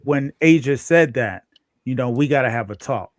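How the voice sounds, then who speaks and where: A man on a stream panel talking in a measured, agreeable way. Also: mid-range voice, expressive, dry recording, clean studio sound. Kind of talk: casual stream chat.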